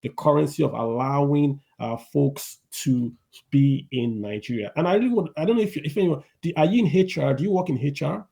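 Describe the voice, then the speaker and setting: A man hosting a live audio discussion, relaxed as he calls on speakers one by one. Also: fairly high pitch, fairly quick, gravelly, husky. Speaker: host.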